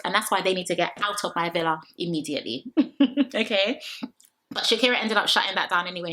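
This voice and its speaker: Young woman gossiping about reality tv, bright tone, sassy and opinionated. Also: mid-range voice. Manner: opinionated, sassy, quotes people in mock voices. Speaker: reality show recap vlogger. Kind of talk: chatty recap to camera.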